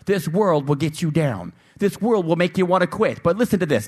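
Male pastor, sermon delivery, fairly high voice, repetitive and emphatic. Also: animated, a little fast, hardly any pauses, slightly rough. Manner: emphatic, repetitive, calls for "Amen".

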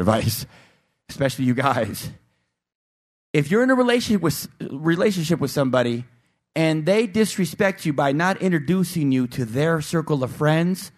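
Male pastor, sermon delivery, fairly high voice, repetitive and emphatic. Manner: emphatic, repetitive, calls for "Amen".

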